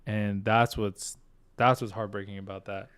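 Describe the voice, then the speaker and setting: A man's voice: fairly low pitch, flat delivery, normal speed, fairly bright tone, clean tone. A man co-hosting a podcast and stream, talking in a thoughtful, laid-back way. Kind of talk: casual chat.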